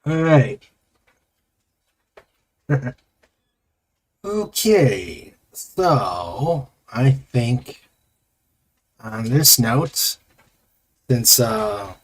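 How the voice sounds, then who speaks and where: A man hosts a casual livestream, talking slowly and hesitantly in a middle-pitched voice. He rambles with frequent fillers between thoughts and reads viewer comments aloud. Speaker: host.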